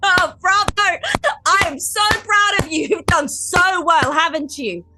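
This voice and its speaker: A woman's voice: sits high, expressive, a little slow, background noise. A woman voicing a grieving, furious woman who hurls bitter, mocking accusations in a tabletop role-play. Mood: bitter mockery.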